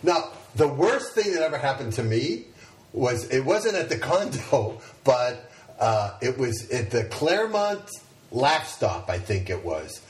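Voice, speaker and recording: A male comedian chatting casually and telling stories, often restarting his sentences. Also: medium pitch. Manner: conversational, with stammered restarts. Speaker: stand-up comedian. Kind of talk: casual storytelling chat. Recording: echoey room, far from mic.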